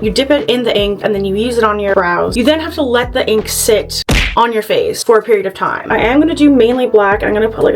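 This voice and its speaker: Woman, casual vlog chatter, jumpy nervous energy, swears a lot, bouncy voice, music under it. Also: fairly high pitch. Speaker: beauty vlogger. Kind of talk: casual chat to camera. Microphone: phone camera.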